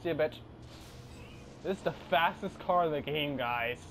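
A young man commentating a video game, loud and swearing constantly, yelling and laughing as he plays. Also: on the high side, moderate pace, slight background noise. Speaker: gameplay commentator. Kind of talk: excited, profane let's-play chatter.

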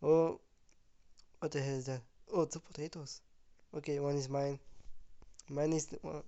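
A man giving casual gameplay commentary on his channel, excitable and chuckling, with loose phrasing and a sick voice. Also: a little high, normal speed, pauses often, dull audio. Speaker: gaming YouTuber.

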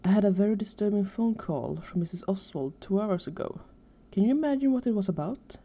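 A woman voicing a calm, methodical female social worker in a storybook reading. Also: medium pitch, a little fast. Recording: dull lo-fi recording.

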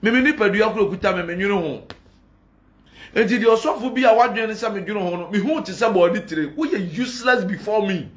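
Fiery high-voiced Ghanaian pastor. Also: male voice, a little fast. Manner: fiery, defiant, combative. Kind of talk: heated address to critics. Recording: echoey room.

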